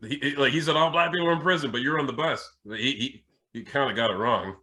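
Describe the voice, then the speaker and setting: A podcast host trading quick teasing jokes in casual banter, delivered deadpan. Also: medium pitch.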